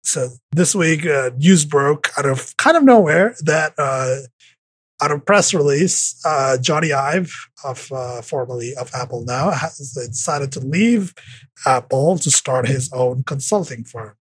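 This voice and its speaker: A man hosting a casual podcast chat, talking in halting bursts full of filler words. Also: mid-range voice, animated, husky, no room sound. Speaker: podcast host.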